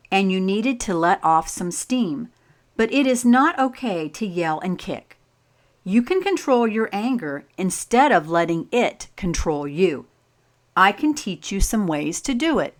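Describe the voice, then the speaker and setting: A woman reads a story aloud at an unhurried, very slow pace. She speaks clearly and deliberately and stops now and then to put gentle questions to young listeners. Her voice sits at an ordinary middle pitch. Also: very animated. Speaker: teacher reading aloud.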